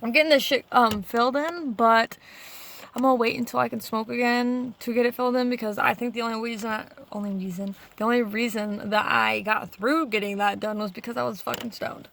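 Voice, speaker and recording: A young woman with a slightly high voice talks casually to her camera. She rambles through her stories, swearing constantly and retelling events with lively energy. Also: slight background noise. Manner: profane, rambling, animated retelling. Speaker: vlogger.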